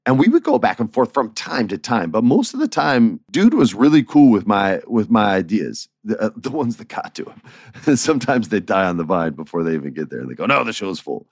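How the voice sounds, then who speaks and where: A man's voice: no room sound, clean studio sound. A man in his forties casually telling stories about his old writing job, often laughing and acting out what others said. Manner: laid-back, laughs often, acts out quotes in shifting pitch. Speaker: former writer telling stories. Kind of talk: casual storytelling chat.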